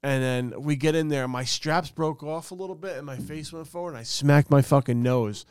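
In echo-free, clean studio audio, a young co-host of a casual podcast spins a meandering story packed with profanity and animated impressions. He speaks at normal speed in a clear, resonant, somewhat high voice.

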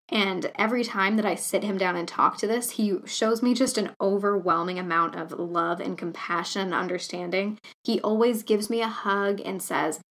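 A woman's voice: medium pitch, fairly even intonation, moderate pace, hardly any pauses, a bit bright. A young woman hosting a solo podcast, talking in an earnest, chatty way with many casual fillers. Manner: earnest, chatty, lots of fillers like "you know". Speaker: podcast host.

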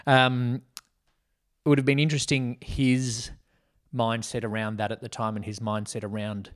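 A man's voice: medium pitch, flat delivery, moderate pace. A man co-hosting a casual film podcast, thinking aloud in a rambling way with plenty of ums. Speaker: podcast co-host. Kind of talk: casual film-review chat.

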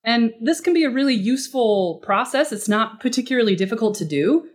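A woman speaking as a guest expert in a podcast interview, casual and animated, often acting out short quoted exchanges. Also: on the high side, fairly quick. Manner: animated, acts out client dialogue in quoted voices; casual, uses fillers like "like" and "you know".

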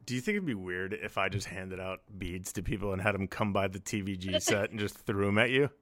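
A man's voice: sits low, brisk, a bit bright, dry recording, clean studio sound. A man hosting a racing podcast who chats and jokes with his co-host and guest. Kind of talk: casual chat.

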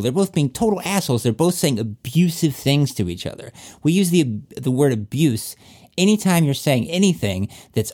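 A man's voice: medium pitch, warm tone. A man talking in a casual, opinionated chat, emphatic and cursing often as he acts out quoted voices.

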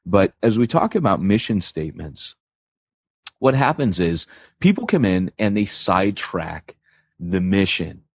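A man's voice: low-pitched, unhurried, husky, no room sound, lo-fi sound. An American man co-hosting a church planting podcast, talking casually and joking as he explains his point. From United States. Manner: animated, joking, restarts a lot.

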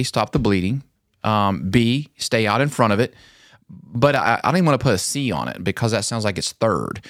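A man hosting a podcast, chatting casually and acting out quoted lines with lively jumps in his voice. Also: no room sound, studio quality. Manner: animated storyteller, acts out quotes with pitch jumps. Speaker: podcast host.

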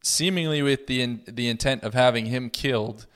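A man's voice: medium pitch, moderate pace, fairly bright tone. A man with a mid-range voice leads a podcast discussion. He is casual and inquisitive, stacking up questions for his co-hosts. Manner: asks probing questions, inquisitive. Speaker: podcast host leading the discussion.

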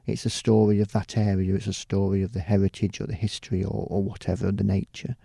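Rambling middle-aged British man, mellow voice. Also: sits low, flat delivery, fast, vocal fry, no room sound, studio quality. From United Kingdom. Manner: rambling, many restarts and "you know"s. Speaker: TV presenter and producer. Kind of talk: casual interview talk.

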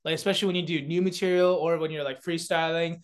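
A man's voice: on the high side, flat delivery, fast. A young man from South Korea, a comedian and beatboxer, chatting as a guest with lots of fillers, restarts and laughter. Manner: rambling, many filler words and restarts, laughs often. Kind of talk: casual interview chat.

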